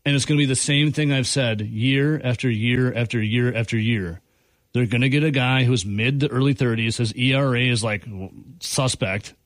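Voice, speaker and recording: A man's voice: medium pitch, moderate pace, dry recording. A man hosting sports talk radio in a studio, joking and giving blunt opinions. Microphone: studio mic.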